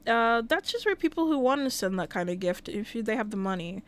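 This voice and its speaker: A woman's voice: fairly high pitch, lively intonation, a little fast, clear, resonant tone. A woman casually commenting while livestreaming a life-sim game, talking to the characters and thanking viewers. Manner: chatty, talks to game characters and chat.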